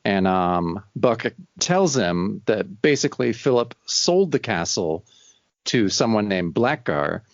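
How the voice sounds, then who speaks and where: A man's voice: lowish voice, animated, slow, no echo, lo-fi sound. A man co-hosting a casual comic book podcast, rambling and acting out lines of dialogue. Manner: rambling, acts out dialogue in silly voices. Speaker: podcast co-host.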